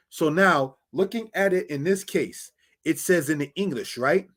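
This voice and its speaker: A man's voice: on the high side, lively intonation, moderate pace. A man teaching a Bible Hebrew lesson over slides, addressing viewers as brothers and sisters, explaining words step by step.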